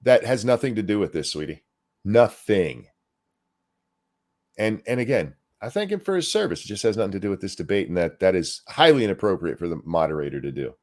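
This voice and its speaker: A man's voice: low voice, big pitch swings, fairly quick, a little mellow. A man co-hosting a casual reaction show, talking bluntly and with plenty of profanity. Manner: blunt, profane ranting with put-on voices. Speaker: co-host reacting to a debate.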